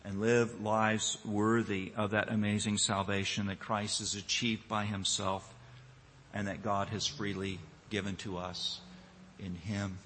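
A man's voice: lowish voice, flat delivery, measured pace, fairly bright tone, a little hiss or hum. A man preaching a sermon to his congregation and closing in prayer, speaking earnestly and building up emphasis. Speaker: pastor. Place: church. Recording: long reverb of a church hall.

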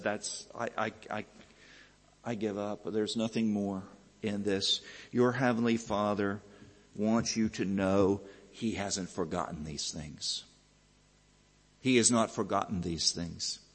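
A man preaching a sermon, earnest and building to fervent emphasis, often repeating words as he presses a point. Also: lowish voice. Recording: long hall reverb.

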